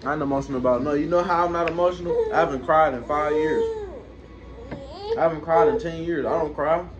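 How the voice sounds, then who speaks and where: A man's voice: fairly high pitch, steady tone, quick pace. A young man, the boyfriend in a prank, talking casually in an indignant, repetitive, rambling way. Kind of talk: casual chat. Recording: dull lo-fi sound with clear background noise.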